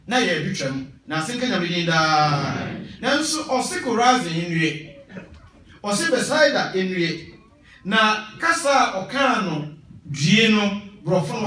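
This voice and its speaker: Ghanaian preacher in an echoey hall. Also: male voice, sits high, far from the mic. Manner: switches between Twi and English, emphatic and animated. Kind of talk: sermon.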